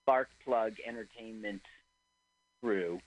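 A man's voice: fairly low pitch, takes it slowly, dull audio. A man co-hosting a radio show, chatting casually about a movie, rambling and restarting his sentences. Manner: animated, rambling, restarts often. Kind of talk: casual movie commentary chat. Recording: radio studio broadcast.

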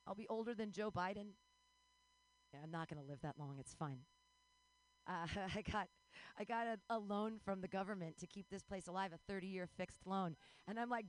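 A woman's voice: mid-range voice, lively intonation, moderate pace, low-quality recording. A woman in her forties doing a bawdy, self-mocking stand-up set, breaking into squealing voices. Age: 40s. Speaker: stand-up comedian.

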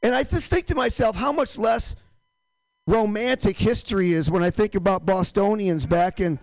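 A man's voice: high voice, normal speed, darkish tone, no echo, poor audio. A man hosting a stand-up comedy show in a small room, rambling and profane, often cutting himself off. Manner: rambling, self-interrupting, profane.

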